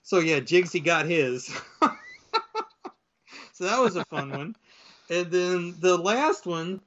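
A man's voice: high-pitched, takes it slowly, long pauses, dull audio. A man in casual chat, retelling comic book stories and briefly acting out the characters' lines. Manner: animated storyteller acting out voices.

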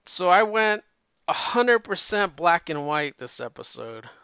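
A man chatting casually and rambling, swearing freely and often restarting his sentences. His voice is bright, clear, and slightly high. The recording is dull and lo-fi, and it sounds dry. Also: big pitch swings, a little slow, no room sound. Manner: rambling, profane, frequent restarts. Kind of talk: casual chat.

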